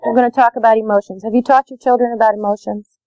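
A woman's voice: a little high, steady tone, fast talker, darkish tone, no room sound, dull audio. Emphatic woman leading a parenting workshop. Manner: emphatic, repetitive, acts out dialogue. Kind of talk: live workshop talk.

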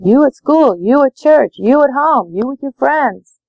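A woman's voice: on the high side, expressive, normal speed, creaky, no room sound, narrow, tinny audio. A woman leading a parenting workshop, talking emphatically with lots of repetition. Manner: emphatic, repetitive, acts out dialogue. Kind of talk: live workshop talk.

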